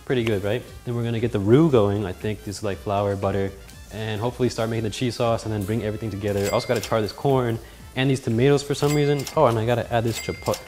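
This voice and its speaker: A man hosting a casual cooking vlog in a home kitchen, talking in a joking, self-mocking way with sudden loud outbursts. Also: fairly low pitch, fairly even intonation, quick pace, soft background music. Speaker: cooking video host.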